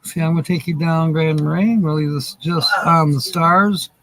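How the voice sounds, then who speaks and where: A man's voice: a little high, fairly even intonation, moderate pace, background noise. A man hosting a live stream, rambling casually with lots of fillers.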